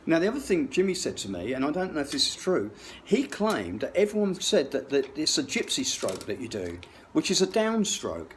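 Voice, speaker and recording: A man's voice: on the high side, wildly swooping pitch, normal speed, slight background noise. A middle-aged man telling a rambling, profane story, full of restarts. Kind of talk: rambling anecdote.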